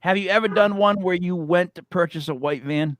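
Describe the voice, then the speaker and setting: A man hosting a casual paranormal talk show, excitable and stammering as he jumps between ideas. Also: high voice, brisk, no room sound. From Italian-American. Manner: excitable, stammers and repeats words. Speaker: podcast host. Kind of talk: casual chat.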